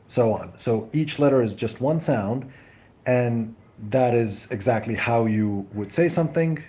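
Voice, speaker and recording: A young man from Serbia hosting a casual live stream, chatting and answering viewers with many pauses and restarts. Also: mid-range voice, animated, dark tone. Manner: hesitant, many ums and restarts; friendly, thanks viewers often. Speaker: livestream host. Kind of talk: casual live chat reading viewer comments.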